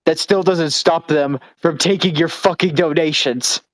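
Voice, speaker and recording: A man's voice: on the high side, steady tone, unhurried, no echo, rough recording. A man co-hosting a comedy podcast, chatting casually with dry, sarcastic asides. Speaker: podcast co-host.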